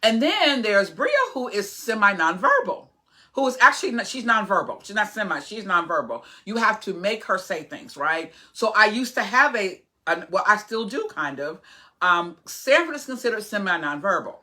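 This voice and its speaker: Bright-voiced woman vlogging, chatty and rambling. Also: mid-range voice, very animated, moderate pace. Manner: chatty, rambling with many fillers and restarts; earnest, opinionated. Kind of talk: casual vlog talk to camera.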